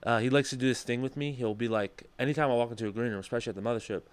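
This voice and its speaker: Fast-talking animated man, smooth voice. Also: mid-range voice. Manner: animated storyteller, heavy swearing, acts out quotes. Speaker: comedian guest. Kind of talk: casual podcast chat.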